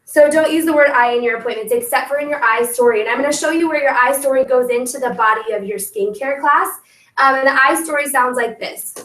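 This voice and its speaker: Brief: young woman sales coach, high bright voice, upbeat pep talk, recorded far off in an echoey room. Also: brisk. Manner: energetic, coaching, acts out scripts. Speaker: sales team leader. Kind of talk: motivational sales training talk. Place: meeting room with a group.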